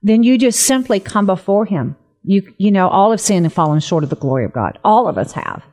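A woman's voice: medium pitch, animated, a little fast, a little mellow. Earnest woman leading a prayer on air. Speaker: co-host of a Christian radio talk show. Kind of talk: faith talk with a spoken prayer.

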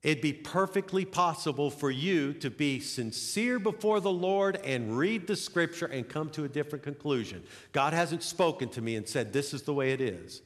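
A man's voice: on the high side, expressive, moderate pace, few pauses. A middle-aged man, a pastor, preaching a sermon, telling a story and building to emphatic peaks. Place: church sanctuary. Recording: long hall reverb.

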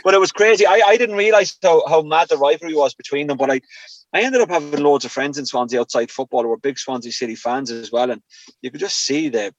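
A man's voice: on the high side, quick pace, dry recording, lo-fi sound. A man with an Irish accent, a former footballer telling stories in a casual chat and quoting others as he goes. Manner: animated storyteller, quotes others in their voices.

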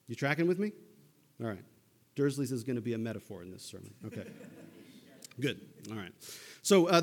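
A male pastor preaching in an easy, conversational manner, pausing to check that listeners follow. His mid-range voice carries a long reverb from a big hall. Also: mid-range voice, darkish tone. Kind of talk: sermon.

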